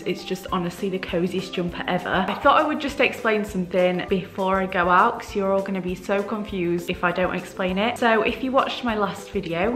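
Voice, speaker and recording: A woman's voice: medium pitch, a bit bright. A young woman with a British accent, under the weather, chatting casually to camera in a rambling, self-deprecating vlog. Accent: British English. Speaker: vlogger.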